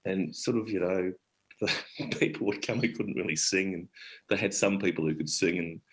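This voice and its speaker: A man's voice: sits low, moderate pace, rough recording. A middle-aged Australian man telling stories in a rambling, casual way, often breaking off mid-sentence. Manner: rambling, warm-hearted, broken-off sentences. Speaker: guest actor and storyteller. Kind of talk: casual conversational storytelling.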